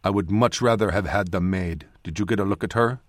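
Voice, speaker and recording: A male narrator voicing a glum male warrior companion with a flat, gruff way of talking. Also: fairly low pitch, a little fast, no echo, studio quality.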